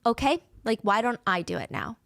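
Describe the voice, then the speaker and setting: A woman narrating a scripted true-crime story in a brisk way, acting out the quoted speech as she goes. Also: on the high side, wildly swooping pitch, fairly bright tone, no echo, clean studio sound.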